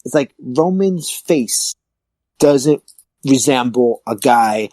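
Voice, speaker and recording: Animated, emphatic male podcast host. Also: medium pitch, slow pace, low-quality recording. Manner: animated, emphatic, rising to excited peaks. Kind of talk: casual chat.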